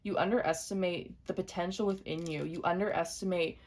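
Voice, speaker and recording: Speaking fairly quickly with a steady tone and fairly low pitch, a young tarot reader offers an intuitive reading to camera. Gently, she repeats her points straight at the viewer.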